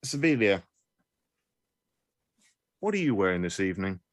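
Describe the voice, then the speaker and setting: A man's voice: low-pitched, big pitch swings, moderate pace, dry recording. A man narrating as game master, wry and self-mocking, with frequent restarts.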